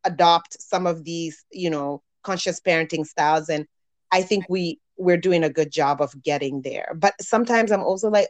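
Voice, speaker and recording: Chatty woman with a lowish voice. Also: normal speed, darkish tone, dry recording. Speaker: parent sharing experiences. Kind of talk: casual podcast chat.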